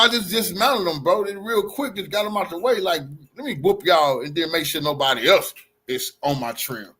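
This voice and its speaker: A man's voice: sits high, bright, forceful tone, husky. A man streaming casual, rambling commentary, profane and boastful. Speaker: streamer and blogger.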